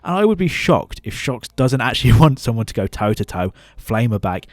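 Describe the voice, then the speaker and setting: A man's voice: medium pitch, very animated, brisk, no echo. A young British man giving blunt, sarcastic, opinionated commentary on a close, dry mic. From United Kingdom. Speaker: esports commentator.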